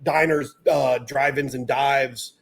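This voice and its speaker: A man's voice: mid-range voice, steady tone, takes it slowly, gravelly. A man co-hosting a casual podcast who talks in a laid-back, dry way with frequent ums. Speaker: podcast co-host.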